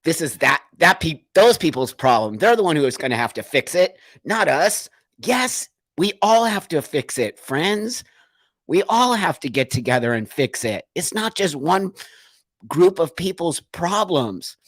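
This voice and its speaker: A man's voice: on the high side, very animated, a little slow, fairly bright tone, dry recording. A man hosting a livestream, talking in an earnest, emotional monologue full of repeated rhetorical questions. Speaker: livestream host.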